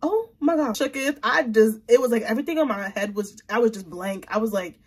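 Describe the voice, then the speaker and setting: A young woman vlogger telling a story in a casual, animated way and talking straight to her viewers. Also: a little high, a little fast, hardly any pauses, husky.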